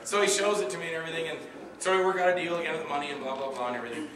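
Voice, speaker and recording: A man's voice: on the high side, steady tone, rapid-fire, crowd noise. A man telling stories about his acting work at a convention Q&A, rambling with many fillers and acting out other people's voices. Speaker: actor answering audience questions. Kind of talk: storytelling Q&A at a convention panel. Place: convention hall with audience. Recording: echoey hall, mic far off, noisy.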